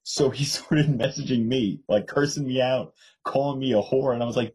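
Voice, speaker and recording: Young New guy, husky voice, animated podcast storyteller who mimics people in a raised voice. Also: mid-range voice, a little fast, poor audio. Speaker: podcast co-host. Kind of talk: casual political chat.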